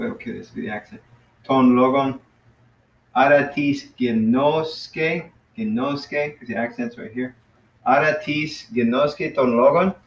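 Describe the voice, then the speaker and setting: A man teaching a class in a relaxed, casual way, with many fillers and self-corrections. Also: mid-range voice. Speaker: Greek teacher. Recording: roomy, dull lo-fi classroom recording.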